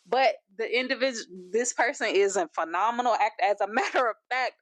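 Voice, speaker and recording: A woman's voice: mid-range voice, no room sound. A woman hosting a reaction video, talking casually with lots of fillers and restarts. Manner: chatty, many fillers and restarts. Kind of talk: casual commentary.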